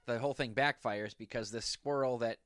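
A man's voice: mid-range voice, a little fast, a bit bright, smooth, dry recording, studio quality. A man co-hosting a casual film chat, amused, laughing and mimicking characters. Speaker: podcast co-host.

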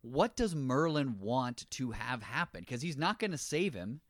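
A man talks through a film with a friend in an easy, casual way. His pitch leaps around as he gets animated and now and then acts out a line. The sound is dry and close, with no room around it. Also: a little slow, no room sound. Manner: animated, laughs often, acts out quoted lines. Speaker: podcast co-host. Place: living in a city.

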